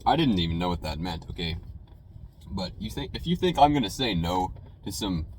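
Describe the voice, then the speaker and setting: Low-voiced young man telling a rambling story. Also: animated, normal speed, slight background noise, rough recording. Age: young adult. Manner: rambling, conversational, full of "you know" and "man". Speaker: food reviewer telling a story. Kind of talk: casual storytelling.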